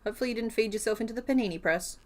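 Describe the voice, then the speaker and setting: A woman's voice: fairly high pitch, rapid-fire, darkish tone. A woman chatting casually on a crochet live stream, counting stitches half under her breath and laughing easily. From Western Australia.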